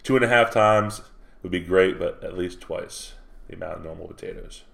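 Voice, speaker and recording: Co-host, man, very deep voice, modest and easy laughing. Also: normal speed, creaky, fairly bright tone. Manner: self-deprecating, laughing easily. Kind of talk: casual chat.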